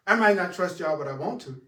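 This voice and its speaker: A man's voice: high-pitched, pushed and bright, echoey room, recorded from a distance. A man teaching a spiritual class, talking straight to his audience with emphasis and frequent laughter.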